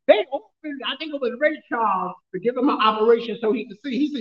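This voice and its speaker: A male pastor preaching a sermon, telling funny stories with frequent laughter and sometimes shouting questions at the congregation. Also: very high-pitched, lively intonation, fast talker, roomy sound, muffled recording. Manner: storytelling, humorous, laughs often. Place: church.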